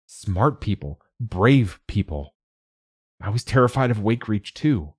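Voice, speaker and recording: A man's voice: on the low side, expressive, slow pace, darkish tone, breathy edge, no echo, studio quality, full character voice. A man voicing a loving father in an audiobook, earnest and reassuring as he comforts his daughter.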